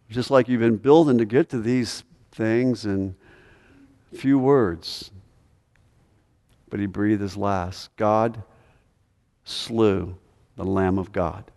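A man preaching a sermon as pastor, emphatic, swinging from hushed to loud. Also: fairly low pitch, slow pace, pauses often. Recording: long reverb of a large hall.

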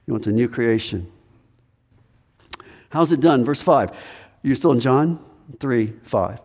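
A man preaching a sermon as pastor, earnest and full of rhetorical questions, his voice rising high when he plays a reluctant believer. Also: expressive, slow pace, a little mellow. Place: church sanctuary. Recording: long hall reverb.

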